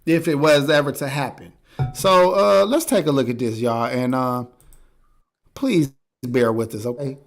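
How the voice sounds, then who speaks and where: A man's voice: mid-range voice, a little slow. A man co-hosting a podcast in casual chat, ranting bluntly and swearing freely. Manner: animated, profane, blunt ranting. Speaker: podcast co-host.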